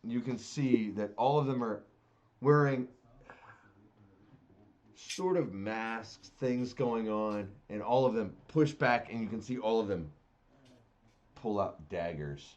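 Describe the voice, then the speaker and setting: A man narrating as game master in a tabletop game, halting and searching for words. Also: lowish voice, darkish tone. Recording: dull lo-fi audio.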